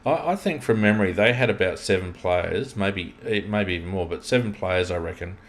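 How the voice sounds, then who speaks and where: A man's voice: sits low, lively intonation, fairly quick. An Australian man co-hosting a football podcast, talking in an opinionated, rambling way with restarts. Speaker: podcast co-host. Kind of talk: casual football chat.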